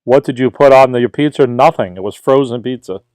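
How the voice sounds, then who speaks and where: A man's voice: medium pitch, brisk, darkish tone, dry recording. A middle-aged man from Brooklyn with a New York accent, hosting a casual livestream as a tutor and chattily reading out viewer questions before answering them.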